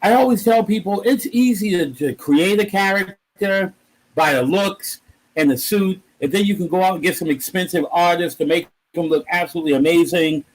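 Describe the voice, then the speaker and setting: A man in a casual interview, telling animated stories about comics and his own creations, acting out quotes as he goes. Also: sits high, normal speed, low-quality recording. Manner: animated storyteller, exclaims and acts out quotes. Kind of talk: casual conversation.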